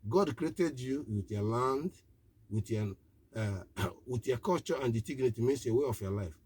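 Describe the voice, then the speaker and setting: A man's voice: mid-range voice, animated, moderate pace, a little mellow, breathy edge. A man gives an impassioned live political address as a radio broadcaster, preaching in short, repeated declarations.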